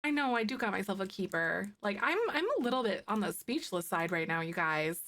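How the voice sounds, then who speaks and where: A woman chatting casually on a live stream, excitable and talkative, a self-described loudmouth. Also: mid-range voice, fairly quick.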